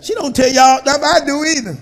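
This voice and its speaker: A man preaching a colloquial sermon in a church style, with call-and-response and shouted peaks. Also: very high-pitched, a little fast. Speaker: pastor.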